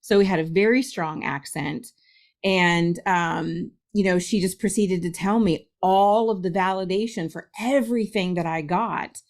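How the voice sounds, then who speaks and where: A woman's voice: lowish voice, measured pace. A middle-aged woman from Ohio, a guest medium, telling a story in a casual interview, laughing often and acting out quotes.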